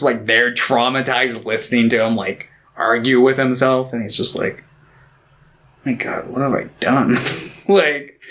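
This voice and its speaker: A man's voice: mid-range voice, fairly bright tone. A man co-hosting a movie podcast, retelling scenes in loose, profane casual chat and briefly putting on character voices. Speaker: podcast co-host.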